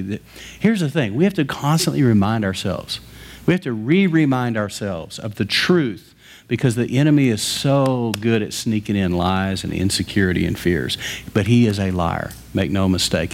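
Man preaching in animated storytelling. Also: medium pitch. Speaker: pastor. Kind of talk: sermon.

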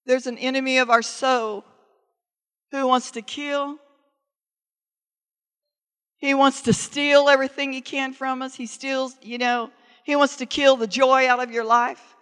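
A middle-aged woman preaching with impassioned, rising fervor, her bright, forceful voice pushing each declaration. The tone stays smooth and resonant even at full volume, and long reverb from a large church hall trails every phrase. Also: high-pitched, a little slow, long pauses. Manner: impassioned, building to loud fervent preaching. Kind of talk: sermon.

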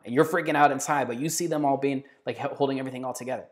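A man preaching a sermon in an earnest, emphatic way, slowing down and dropping to a hush on key phrases. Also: medium pitch, steady tone.

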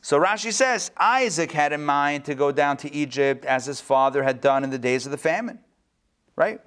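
A man, a rabbi, teaching a text study class in a playful, animated way full of rhetorical questions and jokes. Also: on the high side, normal speed. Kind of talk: joking, interactive text study lecture.

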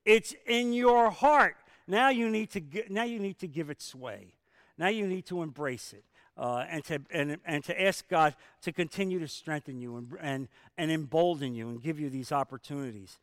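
A man preaching a sermon as pastor, emphatic, with rhetorical questions and sudden swings in loudness. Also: a little high, moderate pace, no room sound, clean studio sound, in a large hall.

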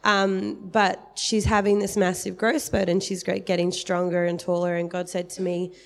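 Gravelly chatty woman. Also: fairly low pitch, level tone, normal speed. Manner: chatty, rambling, many fillers and laughs. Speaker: church member giving testimony. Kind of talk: casual spoken testimony.

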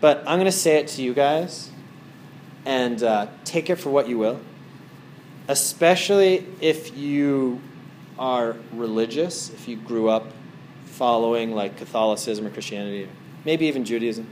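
A man's voice: mid-range voice, a little slow, darkish tone, slight background noise. A man giving a casual talk as a meditation teacher to a small group in a wellness center, rambling through stories with many fillers.

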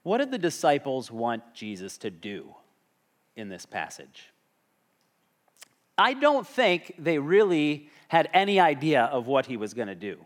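A man's voice: mid-range voice, sing-song, measured pace. A man preaching a sermon as a pastor, talking conversationally and asking the congregation questions.

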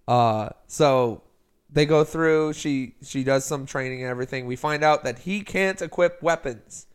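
A man's voice: mid-range voice, a little slow, smooth. A man co-hosting a casual podcast, rambling through a plot recap and quoting the characters' lines. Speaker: podcast co-host. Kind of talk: casual chat.

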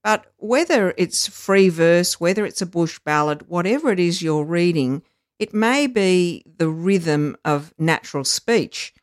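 An educator explains things in a measured, teacherly way, often pausing on um and uh. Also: mid-range voice, dry recording, studio quality. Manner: measured, teacherly, frequent ums and uhs. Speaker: literacy educator. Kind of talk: explanatory podcast chat.

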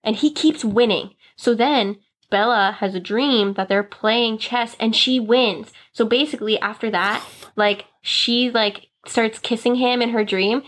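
A young woman guest casually recapping a movie plot, animatedly acting out the characters' lines in quick voices. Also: fairly high pitch, fairly bright tone. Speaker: podcast guest.

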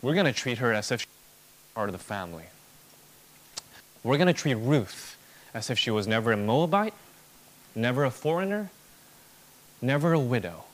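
A man's voice: mid-range voice, animated, normal speed, pauses often. A man preaching an expository sermon, emphatic, building points through rhetorical repetition.

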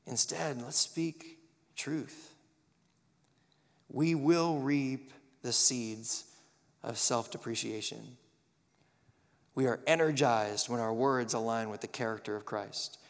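A man preaching a sermon to young people, animated, acting out the voices he quotes. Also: mid-range voice, slow pace, creaky, long pauses. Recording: long hall reverb.

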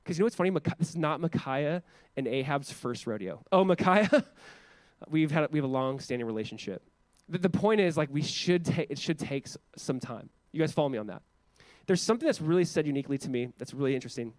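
A male pastor preaches in a quick, slightly high voice that rushes ahead. He speaks casually and animatedly, stumbling into restarts and acting out quoted voices. The sound is close and dry, with no room around it. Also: animated, a little mellow, no room sound. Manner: acts out quoted voices with raised pitch. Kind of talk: sermon.

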